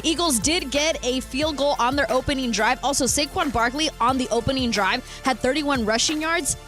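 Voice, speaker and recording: Brisk woman reading sports updates. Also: high voice, a bit bright, faint music behind.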